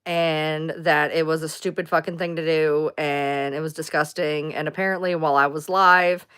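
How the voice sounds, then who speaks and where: A woman's voice: low-pitched, fairly even intonation, moderate pace, a bit bright, smooth. A woman hosting a casual livestream, rambling loosely, answering chat comments and swearing now and then. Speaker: livestream host.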